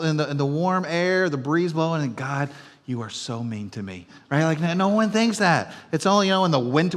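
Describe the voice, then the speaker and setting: A middle-aged man preaching a sermon as pastor, telling everyday stories in a conversational way and dropping from loud to hushed. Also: on the high side. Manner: conversational storytelling, swinging between loud and hushed. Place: church auditorium. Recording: long reverb of a church hall.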